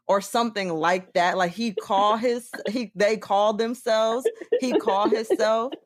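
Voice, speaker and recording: A woman hosting a podcast in casual chat, laughing often and talking in a playful, expressive way. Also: medium pitch, unhurried, hardly any pauses. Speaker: podcast host.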